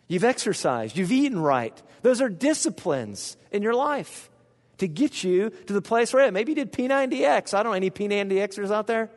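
Male pastor, slightly high voice, animated sermon delivery with questions to the congregation, long hall reverb. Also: moderate pace. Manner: animated, asks the congregation questions, swings from hushed to loud.

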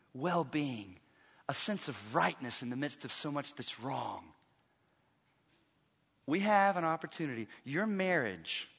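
Middle-aged male pastor, bright high voice, emphatic sermon, reverb of a large church. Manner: animated, swings from loud emphatic to hushed and intense.

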